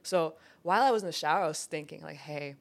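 A young-sounding woman tells a long story in casual chat, her words tumbling out quickly. She slips into quick impressions of the people in it and laughs along the way. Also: low-pitched, creaky. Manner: rambling, laughing, acts out quotes.

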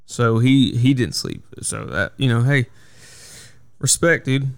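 In a casual storytelling monologue, a male podcast host rambles through a work story on his solo show, leaning heavily on fillers. His mid-range voice is sing-song, gravelly yet smooth, and he takes it slowly; the studio-quality recording has no echo.

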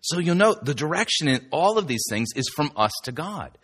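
A man's voice: on the high side, big pitch swings, moderate pace, a bit bright, husky. A male pastor giving a sermon-style teaching in a chatty, emphatic way, with asides to the listener.

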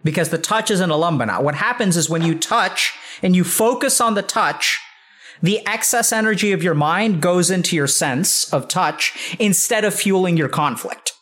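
A man explaining ideas about the mind in a calm, measured, coaching way. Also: high voice. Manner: measured, repeats yep, coaching tone. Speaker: host giving advice on the mind.

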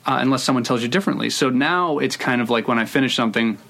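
A man's voice: mid-range voice, fast, vocal fry, a bit bright. A man in his thirties, a screenwriter, talking casually in an interview and rambling through many restarts and hedges. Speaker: screenwriter guest.

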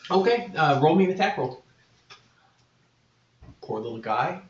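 A man narrating as game master in a relaxed, halting way. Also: on the high side. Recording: echoey room, dull lo-fi sound.

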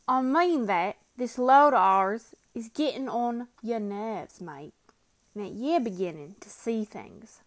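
A woman's voice: a little high, takes it slowly. A woman voicing a weary, level-headed frontier man who talks in a rustic dialect. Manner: rustic dialect, flat and reasoning.

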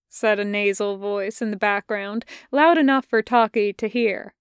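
A woman reading a fan fiction story aloud at an unhurried pace, shifting her voice for the characters. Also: mid-range voice, fairly even intonation, clear, resonant tone, dry recording, studio quality. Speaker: podfic reader. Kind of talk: scripted narration.

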